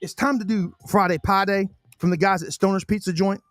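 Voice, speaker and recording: A man hosts a casual sports podcast in a high, steady voice at a brisk pace, rambling, repeating words and eating while he talks. The recording is dry, with faint music behind him.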